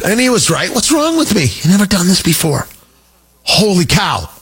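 A middle-aged man hosting a talk radio show, animated and jokey, wandering off on tangents. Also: sits high, normal speed, husky. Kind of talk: opinionated talk radio monologue.

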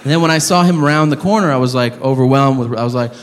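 A man's voice: medium pitch, fast. A man doing stand-up, telling stories in a brash, profane and incredulous way. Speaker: stand-up comedian. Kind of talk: stand-up storytelling. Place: comedy club stage. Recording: reverberant live club with audience.

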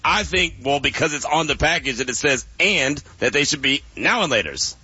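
A man's voice: fairly high pitch, moderate pace, pushed and bright, breathy edge, dry recording. A man hosting a sports radio show, bantering casually in a playful, teasing way and laughing often. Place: radio studio. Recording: dull, dry studio radio audio.

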